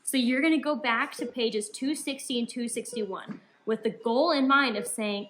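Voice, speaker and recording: Upbeat woman teacher, bright voice. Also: a little high, slight background noise, poor audio. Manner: upbeat, encouraging, talks fast to young children. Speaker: elementary school teacher. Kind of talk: recorded remote lesson instructions.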